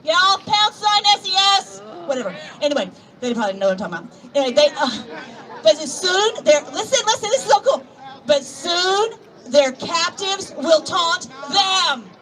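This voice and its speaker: An older woman gives an impassioned rally speech outdoors. She reads scripture and calls out to the crowd, swinging between soft asides and shouts. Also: very high voice, sing-song, a little fast. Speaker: rally speaker. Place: outdoor plaza at a protest march. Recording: distant outdoor recording with crowd noise. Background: murmuring crowd and street noise.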